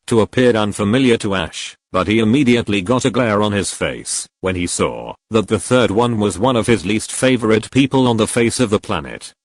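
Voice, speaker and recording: A man narrating a fan-fiction story in a steady, even reading voice. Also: lowish voice, normal speed, hardly any pauses, no echo. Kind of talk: audiobook-style story narration.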